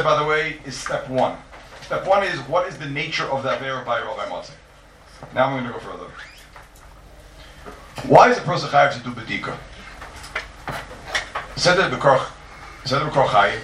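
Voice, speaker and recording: A man's voice: mid-range voice, a bit bright, slight background noise. Man lecturing from afar in an echoey room. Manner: emphatic, repeats points, rhetorical questions. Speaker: Torah teacher. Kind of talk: Talmudic lecture. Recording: echoey room, distant mic.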